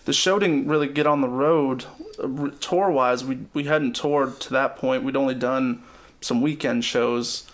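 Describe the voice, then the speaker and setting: A man, a musician being interviewed, speaking casually and haltingly with frequent restarts. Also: mid-range voice, fairly even intonation. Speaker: musician guest.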